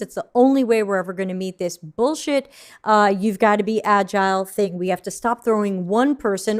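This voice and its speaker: A woman's voice: mid-range voice, smooth. Brief: woman co-host, from New York, outspoken and passionate, casual panel talk, swears freely. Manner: blunt, fiery, swears freely. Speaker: UX consultant, co-host.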